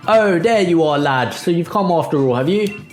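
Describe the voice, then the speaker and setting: A man playing a boisterous energetic dad. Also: a little high, moderate pace, roomy sound, soft background music, voice pushed up, lightly acted. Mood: excited. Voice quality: boisterous, impatient, blokey. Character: loud energetic youthful middle-aged father.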